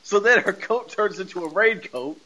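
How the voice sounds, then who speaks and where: A man hosting a podcast, recapping an episode in casual, animated storytelling and laughing often. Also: high-pitched, normal speed, poor audio. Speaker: podcast host.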